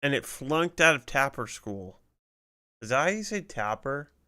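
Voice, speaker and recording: A man's voice: mid-range voice, very animated, a little slow, bright, forceful tone, a little hiss or hum. A man streaming casually, thinking aloud as he works through a crossword, muttering guesses and swearing at the clues.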